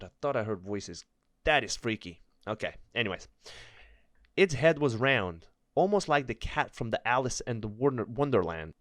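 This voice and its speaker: A man's voice: medium pitch, a bit bright, dry recording, studio quality. A man reading creepy stories aloud, nervous and stumbling, breaking off to laugh and joke between passages. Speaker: storyteller reading online stories. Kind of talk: reading aloud with joking commentary.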